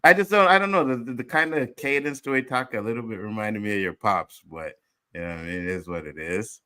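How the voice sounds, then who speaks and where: Bright-voiced male panel show host. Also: fairly low pitch, fast talker, clean tone. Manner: loose, laughing, cursing, talks to viewers. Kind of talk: casual panel chat.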